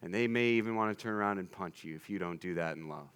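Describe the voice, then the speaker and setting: A man's voice: sits low, fast, fairly bright tone, smooth. A young man preaching a sermon in a conversational way, with jokey asides to the congregation.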